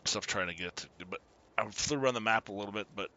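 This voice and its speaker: A man giving casual commentary while streaming a farming game, chatty and quick to laugh as he greets his viewers. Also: on the low side, pushed and bright, dull audio. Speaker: gaming streamer.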